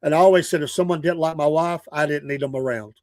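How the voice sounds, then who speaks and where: Older folksy man, slightly high. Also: steady tone, quick pace, dry recording, studio quality. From Georgia, US. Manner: folksy, chuckling, repeats himself. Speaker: show guest and streamer. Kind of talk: casual chat.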